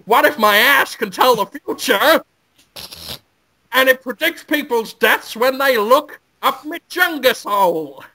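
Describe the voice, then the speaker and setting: A man's voice: very high voice, animated, unhurried, pushed and bright, heavily acted, low-quality recording. A man doing a bewildered, yelping man. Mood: musing. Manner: incredulous, then yelping in pain. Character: bewildered man, panicking and cursing.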